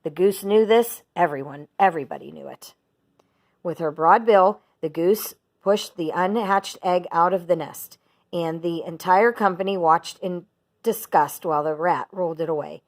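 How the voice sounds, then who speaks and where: A teacher reading a children's book aloud, steady and expressive. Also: female voice, on the low side, moderate pace.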